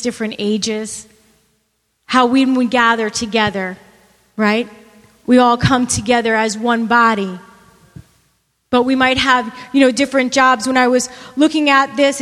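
Woman pastor, high voice, sermon delivery with call-and-response questions, long hall reverb. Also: fairly bright tone. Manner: preaching with rhetorical questions and repetition.

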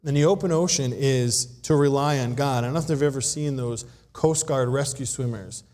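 A man preaching a sermon, telling a personal story in an animated way and acting out voices. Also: mid-range voice, normal speed. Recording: long hall reverb.

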